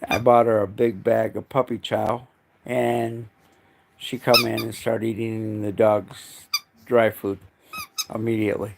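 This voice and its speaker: A man with a gravelly, fairly low voice chats casually on a live stream from indoors at home. He keeps breaking into cooing baby talk with his dogs. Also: flat delivery, measured pace, background noise.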